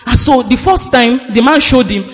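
A woman preaching a sermon, animated and sing-song, slowing down to stress scripture. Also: on the high side. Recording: reverberant hall with faint music.

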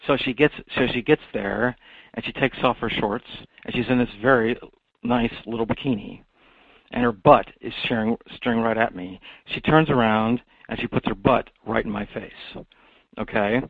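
A man with a gravelly, creaky voice rambles through a repetitive monologue. He keeps restarting words and leans on "okay?" as he pushes toward loud, sermon-like exhortation. The sound is thin and phone-like, with a dry, close room. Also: mid-range voice, dry recording. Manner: builds to loud preacher-like exhortation. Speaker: monologue speaker. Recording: tinny phone-like dry recording.

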